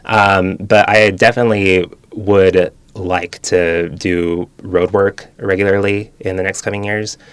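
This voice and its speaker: A young man, a stand-up comedian from California, talking as a guest in a casual interview, quick and animated with frequent restarts. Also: deep voice, clear, resonant tone, dry recording. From Bakersfield, California. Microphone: studio mic.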